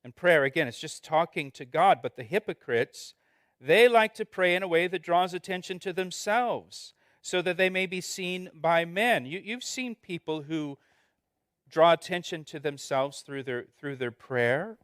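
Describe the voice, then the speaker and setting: A man's voice: on the high side, animated, measured pace, a bit bright, no room sound, studio quality. A man preaching an expository sermon as pastor, earnest and conversational, often restarting and repeating words.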